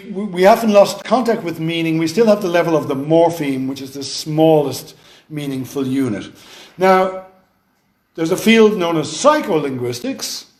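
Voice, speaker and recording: Irish male lecturer, slightly high voice, rhetorical and playful, echoey hall. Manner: explanatory, asks rhetorical questions, playful. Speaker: university lecturer. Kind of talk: classroom lecture.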